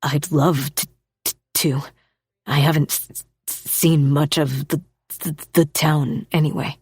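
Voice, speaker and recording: A woman voicing a gentle, earnest young man who stutters on the starts of his words, in an audiobook. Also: low-pitched, fairly even intonation, slow pace, breathy edge, soft background music, exaggerated voice. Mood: hesitant.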